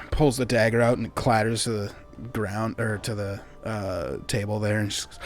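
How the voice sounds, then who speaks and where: A man's voice: lowish voice, moderate pace, faint music behind. A man narrating as game master in a laid-back way with many fillers.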